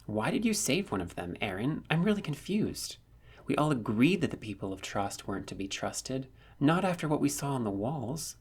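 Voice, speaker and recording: A man's voice: medium pitch, very animated, moderate pace, husky, pitched above the performer's own voice. A man voicing a worried, angry young male friend in a raised, pleading tone.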